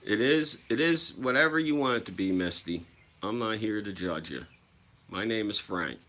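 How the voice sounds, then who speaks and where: A man's voice: lowish voice, expressive, moderate pace, sharp tone. A young man telling stories casually to his viewers, swearing freely and acting out other people's voices. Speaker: livestreamer.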